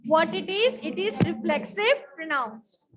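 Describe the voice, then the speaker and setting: A woman's voice: very high voice, big pitch swings, unhurried, a crowd in the background, poor audio. A woman teacher giving a grammar lesson in a school classroom. She asks a question, answers it, and repeats it as a drill, calling on students by name.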